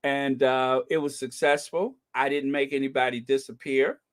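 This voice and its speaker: A man hosting a casual livestream, chatting about news in a sarcastic, gossipy, animated way and laughing often. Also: medium pitch, moderate pace. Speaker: livestream host.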